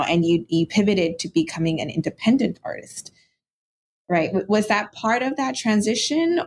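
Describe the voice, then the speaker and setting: A woman's voice: mid-range voice, a little mellow. A woman hosting a casual interview, asking long, searching questions in a friendly, rambling way. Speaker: podcast host.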